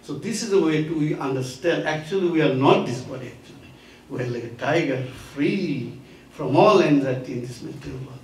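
A man preaching a sermon through a story, animated and often laughing as he tells it. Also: a little high, fairly quick. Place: temple hall. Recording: echoey hall, distant mic, faint noise.

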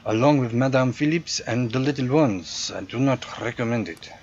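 A man's voice: medium pitch, moderate pace, darkish tone, muffled recording, a little hiss or hum, pitched above the performer's own voice, natural voice. A man voicing a fussy, proud male French hotel concierge in a put-on French accent, polite and theatrical, with a gleefully morbid edge. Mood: formal, theatrical.

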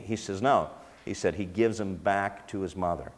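A man with a fairly low voice teaches in a loose, conversational preaching style, full of fillers and restarts. His voice rings out with the long reverb of a large hall. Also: lively intonation, normal speed. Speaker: teacher of a ministry school.

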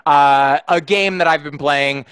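A male comedian with a fairly high voice does stand-up for a livestream. He talks fast and rambles, amused by his own jokes. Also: a bit bright, clear, resonant tone, dry recording. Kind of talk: live stand-up set over a livestream. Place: performing at home for an online show.

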